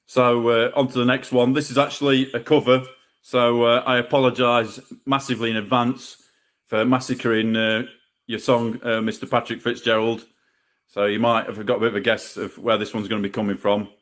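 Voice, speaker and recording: Male spoken word poet, a bit drunk and slurring, rhythmic delivery, rambling asides, average pitch. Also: level tone, normal speed, a bit bright. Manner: rhythmic declaiming, rambling between poems. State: tipsy, slurring his words. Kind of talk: live spoken word poetry performance.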